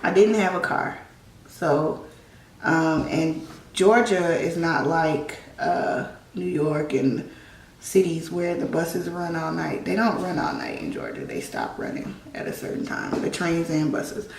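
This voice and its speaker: Gravelly woman telling her story. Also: low-pitched, unhurried. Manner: conversational, re-enacts dialogue. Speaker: vlogger. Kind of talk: personal storytelling while getting ready. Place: at home, in a room. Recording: echoey room, distant mic, background noise.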